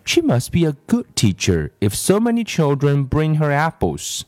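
A man's voice: a little high, wildly swooping pitch, normal speed, darkish tone, dry recording, voice pushed up. A man voicing a friendly, simple-minded yard teacher, in a naive and cheerful manner. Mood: musing.

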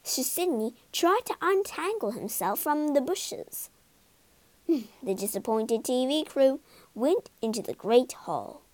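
Lively, high-voiced woman reading a children's story. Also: slow pace, no room sound. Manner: expressive, playful read-aloud with character voices.

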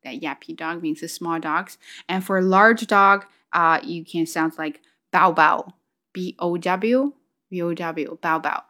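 A woman's voice: lowish voice, a little slow, pushed and bright. Chatty woman imitating animal sounds. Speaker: vlogger. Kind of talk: casual chat about language and culture.

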